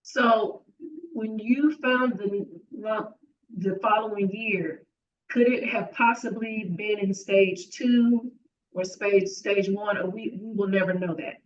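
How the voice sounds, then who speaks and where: A woman's voice: medium pitch, fairly even intonation, slow pace, recorded from a distance, slight background noise. A woman hosting an interview podcast, asking questions and affirming her guest in a supportive way. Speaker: podcast host. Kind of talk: conversational interview. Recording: dull sound from farther off.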